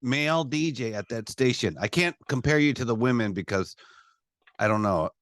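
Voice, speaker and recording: A man hosting a casual radio interview, enthusiastic and expressive, often laughing. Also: medium pitch, normal speed, no echo, studio quality. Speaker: radio show host.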